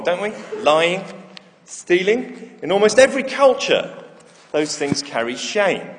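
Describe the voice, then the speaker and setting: Guy giving a sermon, pitch swinging all over, bit of dry humour, big echoey church hall. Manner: lively storytelling with dry humour. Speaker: preacher. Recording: long reverb in a large hall.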